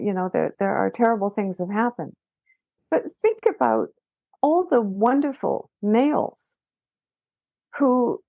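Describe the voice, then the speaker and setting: An animated woman speaks as a podcast guest. She stops and restarts her sentences, and her voice climbs as she presses a point. The recording is dry and close. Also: fairly high pitch, vocal fry, no echo, dull audio. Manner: animated, many restarts, rising emphasis. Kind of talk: casual conversation.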